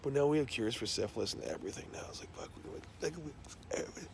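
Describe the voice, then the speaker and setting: A man's voice: mid-range voice, lively intonation, very fast, creaky, a little hiss or hum. A man talking in a loose, rambling monologue, swearing constantly and trailing off into fillers and restarts.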